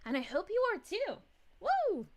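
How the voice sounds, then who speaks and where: A woman's voice: very high voice, wildly swooping pitch, a little slow, heavily acted. A woman voicing a bubbly, cheerful young princess, greeting viewers exclamatorily and with giggles. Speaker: VTuber streamer. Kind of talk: in-character livestream chat reading.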